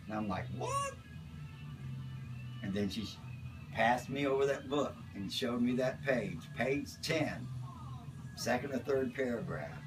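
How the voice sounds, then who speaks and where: An older man telling a rambling personal anecdote, acting out voices and breaking into shouts. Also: medium pitch, measured pace. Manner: animated, acts out voices and shouts in his stories. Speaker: storyteller. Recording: distant mic with loud music behind.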